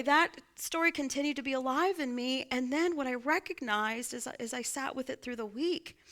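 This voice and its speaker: A woman pastor, preaching a sermon and telling a personal story, often asking her listeners "right?". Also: fairly high pitch. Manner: warm conversational, asks congregation "right?". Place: church sanctuary.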